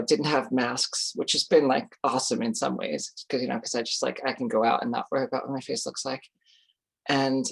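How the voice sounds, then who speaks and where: An adult speaking in a loose, rambling vlog style, circling back with plenty of filler words. The talk is salty with casual swearing. Their own remembered reactions get acted out as quick little asides, with a mid-range voice. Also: medium pitch. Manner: chatty, lots of fillers, swears freely, acts out its own reactions. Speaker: vlogger.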